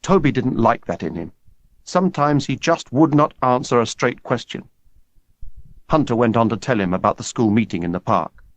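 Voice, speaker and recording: A man narrating a novel as an audiobook in an expressive, measured storytelling manner. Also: medium pitch, no room sound. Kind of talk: scripted narration.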